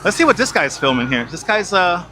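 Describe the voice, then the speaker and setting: A man's voice: high voice, very animated, brisk, pushed and bright, a little hiss or hum. A man live-streaming his walk through busy city streets on a wireless lapel mic, giving profane, exasperated running commentary.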